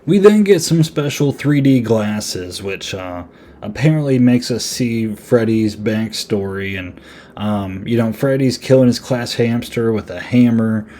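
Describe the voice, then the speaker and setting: A man's voice: mid-range voice, expressive, unhurried, warm tone, a little hiss or hum. A young man hosting a podcast, giving a casual, rambling movie review full of fillers and sarcastic asides. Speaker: podcast host.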